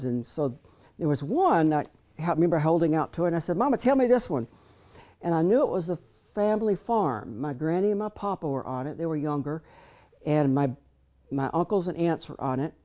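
A man in his fifties tells personal stories to a room. His voice is warm and mellow, and he talks in a folksy, frank manner, often restarting his sentences. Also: on the high side. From Southern US. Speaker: speaker reading from his memoir. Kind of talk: storytelling talk.

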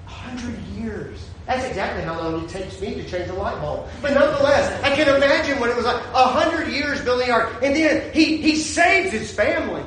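A man in his thirties preaches with a high, light voice. He jumps into the voices of people in his stories. The room is echoey, with a faint hum of ambience behind him. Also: fairly bright tone. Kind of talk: humorous sermon with storytelling.

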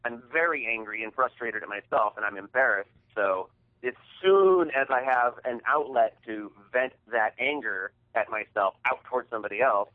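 A man's voice: mid-range voice, moderate pace. A man hosting a podcast, retelling an embarrassing story in a casual, profane, heated way. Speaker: podcast host. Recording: tinny phone-like sound.

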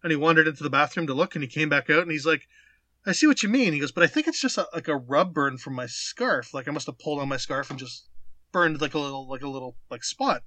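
A man's voice: a little high, fast, no echo. A man casually telling a funny anecdote as a podcast co-host, acting out quotes and swearing freely. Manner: animated anecdote teller, swears, acts out quotes. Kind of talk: casual chat, storytelling.

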